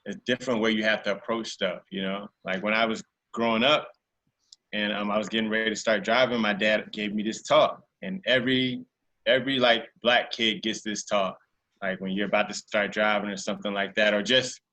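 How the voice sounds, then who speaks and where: Male podcast guest, casual and animated, tense bright tone. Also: fairly low pitch. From Virginia. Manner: animated storyteller who acts out voices in his anecdotes. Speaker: interview guest. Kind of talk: casual storytelling interview.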